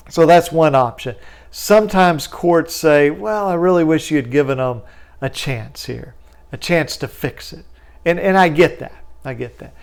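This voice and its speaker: A man, a lawyer explaining bankruptcy debt in casual talk and acting out his phone calls in a raised voice. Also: mid-range voice. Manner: lively storytelling, acts out phone calls in a raised voice.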